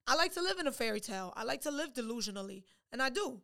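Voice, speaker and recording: A woman with a high, smooth, clear voice talks about what she wants from a partner. She interrupts often and repeats phrases as she holds her ground. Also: sing-song, rapid-fire, a bit bright. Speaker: podcast co-host. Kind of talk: heated casual debate.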